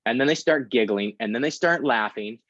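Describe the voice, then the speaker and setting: A middle-aged man presents to a group as a guest speaker, telling a long anecdote and acting out quotes in bursts of voices. His voice sits at an average pitch. The recording is dry and slightly muffled. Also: brisk, no echo. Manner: animated storyteller acting out quotes. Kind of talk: storytelling talk. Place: online meeting talk. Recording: dry, slightly dull audio.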